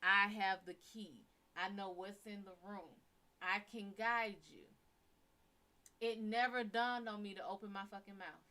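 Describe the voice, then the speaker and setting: Woman, live-stream host, casual storytelling, blunt, profane, animated, middle pitch. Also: a little slow.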